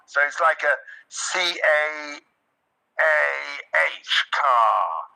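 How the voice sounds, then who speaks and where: A man's voice: fairly high pitch, extremely slow, creaky, pushed and bright, clean tone, rough recording. A British man teaching an English learner on a video call, patiently explaining pronunciation with examples. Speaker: English tutor.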